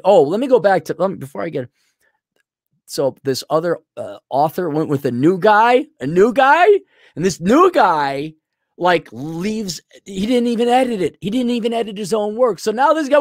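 A man's voice: high-pitched, no room sound, studio quality. Blunt, sarcastic middle-aged man ranting. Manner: blunt, sarcastic, animated, mocks others in put-on voices. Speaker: vlogger. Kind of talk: ranting monologue to camera.

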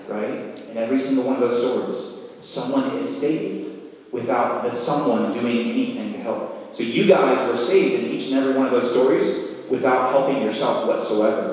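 A man's voice: mid-range voice, measured pace, darkish tone. A man giving a sermon, walking his listeners through imagined scenes with vivid storytelling. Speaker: preacher. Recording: roomy hall, mic from far off.

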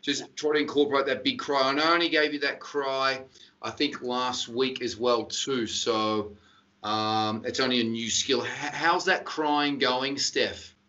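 Male vocal coach, crisp bright tone, methodical and encouraging, distant muffled online-lesson audio. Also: mid-range voice, fairly even intonation, unhurried. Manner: explains and corrects step by step with brief praise. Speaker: singing teacher. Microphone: video call. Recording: dull distant video-call audio.

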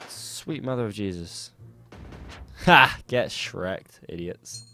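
Cursing gamer yelling at his game. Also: on the low side, animated, takes it slowly. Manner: swearing, yelling angrily at enemies. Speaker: gaming channel host. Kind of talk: let's play commentary. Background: faint game music.

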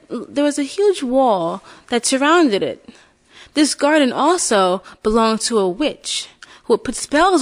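A woman tells a fairy tale at an unhurried pace, her fairly high voice rising and falling with lively expression. She pauses and restarts phrases now and then, and the recording is close and dry, with no room sound. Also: no echo. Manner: slow, expressive, with small restarts. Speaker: storyteller. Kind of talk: reading a fairy tale for a listening lesson.

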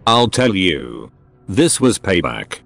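A hateful, unravelling gunman, as a male storyteller puts him on. The voice sits low and mutters with resentment, swinging widely in pitch. Faint music plays behind the reading. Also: very animated, slow pace, a bit bright, exaggerated voice. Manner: mumbling, whimpering then snarling.

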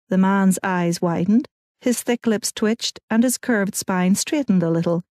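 A woman narrating an audiobook in even, clear storytelling. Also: medium pitch, a little slow, no echo, clean studio sound. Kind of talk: scripted narration.

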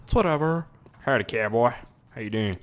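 A young man giving casual, profane gameplay commentary with sudden loud outbursts. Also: medium pitch, lively intonation, normal speed.

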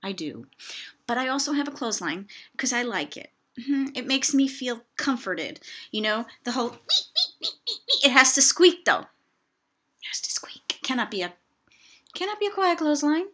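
Middle-aged woman vlogger, exasperated and chatty, bright tone. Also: high-pitched, big pitch swings, normal speed. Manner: chatty, exasperated, self-mocking asides. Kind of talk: casual rant to camera.

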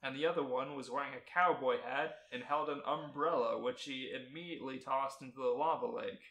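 A man's voice: mid-range voice, brisk, a bit bright. Man reading a story, echoey room. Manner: amused reading, breaks into laughs. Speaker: podcast host reading a story. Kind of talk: reading fan fiction aloud.

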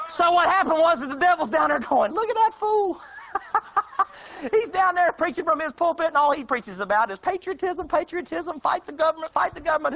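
A man preaching a fiery, folksy sermon. He mocks his listeners and swings between shouting and hushed tones. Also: very high-pitched, gravelly, low-quality recording.

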